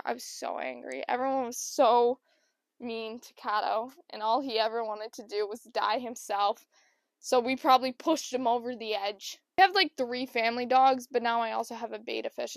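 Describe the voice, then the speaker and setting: Young woman, high pitched, gravelly fry, dry close sound, comic storytelling monologue, animated delivery. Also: moderate pace, no room sound. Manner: animated, swearing, acts out quotes with big swings in loudness.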